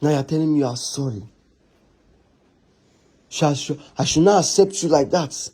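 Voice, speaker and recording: A young man with a Nigerian accent, angrily scolding and shouting in a Nollywood drama scene. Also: on the high side, moderate pace, husky. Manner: angry, scolding, repetitive. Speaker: actor.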